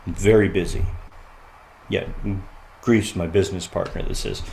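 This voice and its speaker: A man's voice: sits low, steady tone, normal speed, gravelly, dark tone, a little hiss or hum. A man who is a podcast guest, telling personal stories in an earnest, reflective way and often laughing. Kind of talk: heartfelt podcast conversation.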